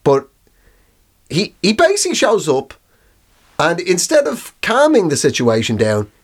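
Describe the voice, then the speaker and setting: A man's voice: fairly high pitch, wildly swooping pitch, a little slow. A man co-hosting a comedy podcast, rambling through a joking story. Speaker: podcast co-host. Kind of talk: casual comedy chat.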